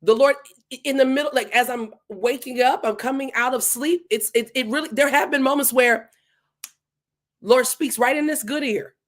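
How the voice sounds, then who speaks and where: A woman teaching a verse-by-verse Bible study in a casual, animated way, acting out the lines of the people in the passage. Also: high-pitched, moderate pace. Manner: casual, animated, acts out dialogue between speakers.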